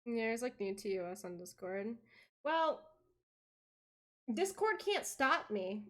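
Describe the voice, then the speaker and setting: A playful woman streamer chatting on a live stream, her voice bouncing up and down in a lively way. She sits slightly higher than most women and throws in the odd swear word. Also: takes it slowly. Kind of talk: casual chat on a live stream.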